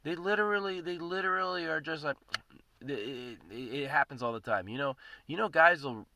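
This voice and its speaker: A man's voice: on the high side, moderate pace, vocal fry, bright, forceful tone. A man ranting in a casual monologue as the host of his own podcast, swearing often, rambling and repeating himself.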